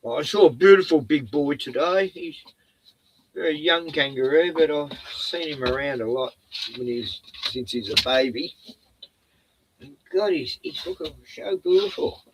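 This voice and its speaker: A man's voice: fairly high pitch, normal speed, background noise. A middle-aged Australian man streaming from home, rambling in a profane, chatty way, laughing often and cooing at his dog. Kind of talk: rambling casual monologue.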